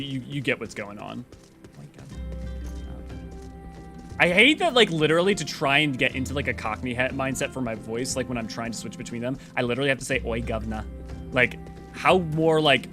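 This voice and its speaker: A man's voice: mid-range voice, fairly bright tone. A man hosting a game lore stream, chatting casually and rambling in a self-deprecating way while reading a story. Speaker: lore channel host.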